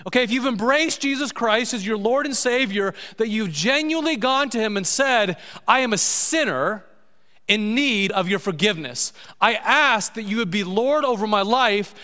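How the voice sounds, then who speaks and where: A pastor with a high, bright voice delivers a sermon to his church. He leans on key words and draws them out slowly. The sound carries the long reverb of a large hall. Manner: emphatic preaching, slowing down to stress key words. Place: church sanctuary.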